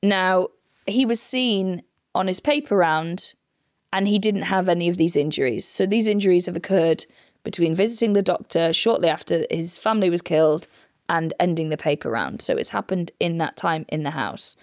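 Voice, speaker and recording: A woman's voice: fairly low pitch, moderate pace, no echo, studio quality. Woman co-host telling a story, swearing. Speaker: comedian co-host retelling a true crime case. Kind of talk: casual podcast chat.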